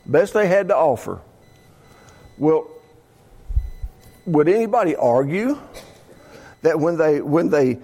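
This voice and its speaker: Man teaching scripture, gravelly, lively pitch, conversational, restarts a lot. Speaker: Bible teacher. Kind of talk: teaching a Bible class.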